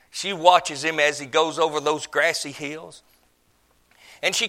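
A man's voice: fairly high pitch, fairly even intonation, unhurried, pauses often, bright, forceful tone. A man preaching a storytelling sermon in a folksy, musing, chatty way.

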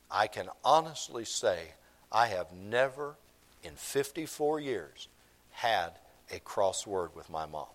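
A man's voice: fairly low pitch, a bit bright. A man, preaching a sermon in church, repeating his points for emphasis. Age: 50s. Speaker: pastor.

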